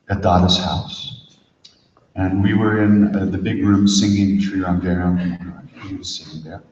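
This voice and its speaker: Low-voiced man telling stories in an echoey hall. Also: darkish tone. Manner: conversational, chuckling, says "you know" often. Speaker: spiritual teacher leading a workshop. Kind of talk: storytelling workshop talk. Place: large retreat hall. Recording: echoey hall, distant dull mic, faint noise.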